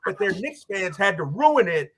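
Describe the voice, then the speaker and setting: A man hosting sports radio, ranting in a fired-up, animated way straight at rival fans. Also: high-pitched, normal speed, slight background noise. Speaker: sports radio host and team broadcaster. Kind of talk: casual sports talk rant.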